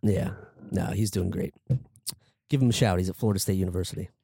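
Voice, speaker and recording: Male podcast co-host, casual storyteller full of uh's and restarts; mellow, dry sound. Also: low voice, fast, gravelly, husky, dry recording. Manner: rambling storyteller, many fillers and restarts. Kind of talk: casual chat.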